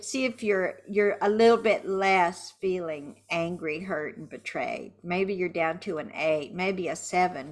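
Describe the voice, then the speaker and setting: A middle-aged woman coaching a guided tapping session, speaking slowly and soothingly, then voicing loud angry phrases for viewers to repeat. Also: medium pitch.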